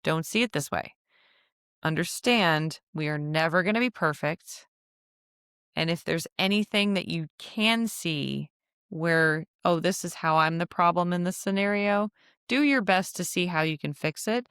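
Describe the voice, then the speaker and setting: Woman, podcast host, casual solo talk, chatty, dry close sound, smooth tone. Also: lowish voice, measured pace, fairly bright tone, no room sound. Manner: chatty, laughs often, acts out quotes.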